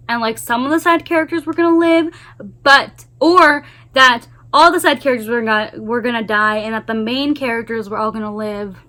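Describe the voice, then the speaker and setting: A woman's voice: on the high side, bright, forceful tone. A woman book vlogger giving a gushing, emphatic spoiler review of a novel series, swearing often and repeating her exclamations.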